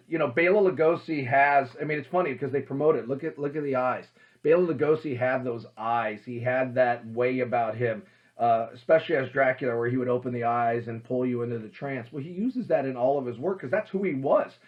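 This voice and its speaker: A man hosting a casual talk about old horror films, emphatic and animated, with many fillers. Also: medium pitch, muffled recording. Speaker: host.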